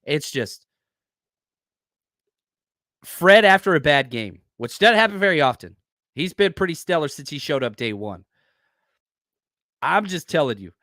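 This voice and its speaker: A man's voice: on the high side, big pitch swings, a little slow, pauses often, sharp tone, no echo, studio quality. A man hosting a sports podcast, giving heated, ranting analysis. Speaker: podcast host.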